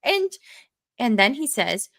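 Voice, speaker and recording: A woman's voice: a little high, sing-song, slow, creaky, fairly bright tone, dry recording, clean studio sound. A woman co-hosting a movie review podcast over a call, giggling as she recaps the plot. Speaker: podcast co-host. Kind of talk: casual chat.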